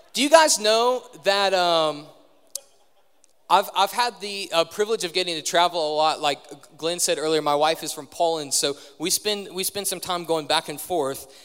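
A man's voice: fairly high pitch, fairly bright tone, clear, resonant tone. A young man preaching a sermon to a live audience in a large church hall, talking conversationally and quizzing the crowd. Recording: long hall reverb from a live service.

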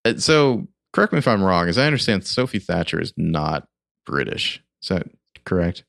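A man's voice: deep voice, very animated, normal speed, gravelly, a bit bright, no echo, studio quality. A man in his forties chatting casually as a podcast co-host, rambling and full of fillers. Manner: rambling, filler-heavy fan critique. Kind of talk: casual chat.

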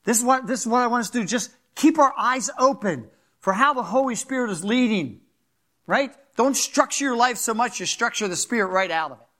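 An older man with a Philadelphia accent preaching a sermon as pastor, talking fast and animated and often asking the crowd "right?". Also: very high-pitched.

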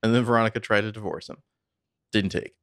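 Deep gravelly man recapping a TV show. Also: quick pace, dry recording, studio quality. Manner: conversational, filler-heavy, animated storytelling. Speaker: podcast co-host.

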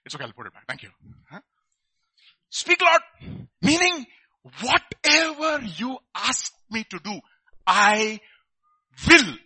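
A man preaching a lively sermon, asking his listeners rhetorical questions and acting out the people in his stories. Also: sits high, measured pace, long pauses, breathy edge, dry recording.

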